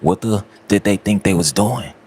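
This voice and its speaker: A man's voice: lowish voice, moderate pace, a little mellow, a little hiss or hum. A man, giving a repetitive, preachy motivational talk aimed straight at the listener. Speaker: motivational speaker.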